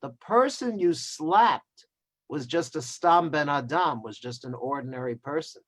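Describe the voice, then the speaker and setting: A man's voice: on the high side, measured pace, fairly bright tone. A man voicing a humble old rabbi sage who plays himself down with mild understatement. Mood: calm.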